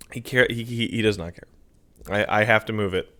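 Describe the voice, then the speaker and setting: A man's voice: on the low side, steady tone, a little fast, a bit bright. A man streaming from home on a desk mic, chatting casually to his cat with profane, mock-scolding banter. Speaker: game streamer. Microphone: desk mic on a stand.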